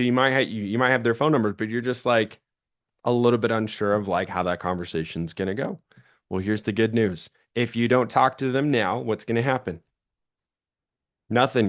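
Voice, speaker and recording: A man in his thirties gives a sales training talk in an energetic, chatty way. His voice sits at an average pitch. He acts out phone calls as he tells his stories.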